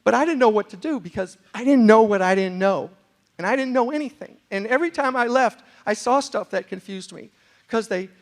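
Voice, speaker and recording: A high-voiced, middle-aged New York City man tells a comic story at a brisk clip in a university lecture hall. His delivery is animated, with asides tossed to the audience.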